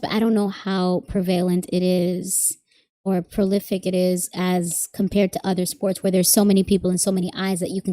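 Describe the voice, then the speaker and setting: A woman's voice: mid-range voice, warm tone, no echo. A woman giving a live tarot reading, chatting casually and thinking aloud with plenty of asides. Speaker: tarot reader.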